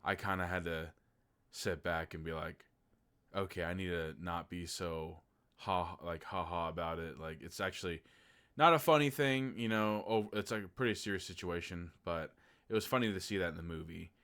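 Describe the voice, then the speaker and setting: In a casual, sarcastic movie review, a man from Oklahoma swears freely and acts out his own incredulous reactions in a raised voice. He has a low voice, a slightly bright quality, and talks at a normal speed.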